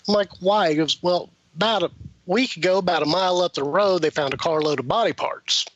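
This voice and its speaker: A man's voice: high-pitched, brisk, a little hiss or hum. A man, a guest on a podcast, telling a long story in a casual way, laughing as he goes and acting out the people he quotes. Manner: animated, laughs while telling, acts out quoted voices. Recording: slightly muffled dry podcast recording.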